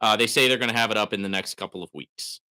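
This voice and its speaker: A man hosting a live question-and-answer chat, animated and prone to sudden hollering, tagging his points with "right?". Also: lowish voice, quick pace, clear, resonant tone. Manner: animated, hollering bursts, calls viewers bro; frequent "right?" tags. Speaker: host.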